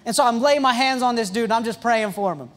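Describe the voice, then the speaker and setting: Young male youth pastor, very high voice, excitable storyteller with quick jokes. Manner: excitable and joking, with quick asides and restarts. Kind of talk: storytelling sermon.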